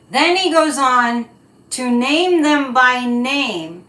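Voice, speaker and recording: In an echoey room, an American psychic livestream host chats casually while going through viewer comments. Her high-pitched voice is expressive and sharp, and she speaks with slow, deliberate, indignant emphasis.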